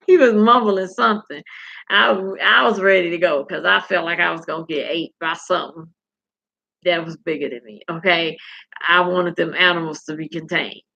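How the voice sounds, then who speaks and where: A woman's voice: on the low side, creaky, sharp tone. A woman hosting a casual livestream chat, salty and candid, talking straight to her viewers and telling stories. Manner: chatty, addresses viewers directly. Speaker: livestream host reading viewer comments. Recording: dull lo-fi recording.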